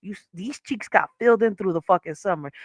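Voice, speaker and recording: A woman's voice: mid-range voice, brisk, no room sound, rough recording. A woman hosting a livestream from her chair at home, telling a story in a casual, profane, laughing way. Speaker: livestream host. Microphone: wearing headphones.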